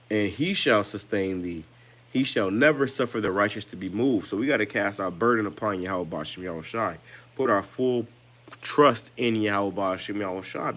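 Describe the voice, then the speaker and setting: A man's voice: fairly low pitch, fairly bright tone. A man giving casual religious commentary, slangy and loose, often repeating and restarting his words as he talks.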